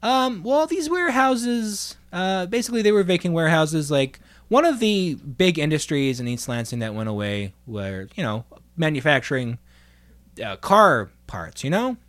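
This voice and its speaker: A man's voice: a little high, sing-song, moderate pace, fairly bright tone. A man playing a smarmy, awkward male gallery curator in an improvised comedy, rambling and flustered. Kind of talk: improvised comedy role-play.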